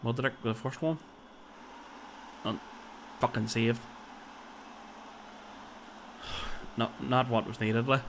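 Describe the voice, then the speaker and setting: A man's voice: medium pitch, level tone, slow pace, pauses often, fairly bright tone, slight background noise. Chatty gaming commentator man. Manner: chatty, thinks aloud, tags lines with "so it did" and "like". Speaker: video game player and commentator.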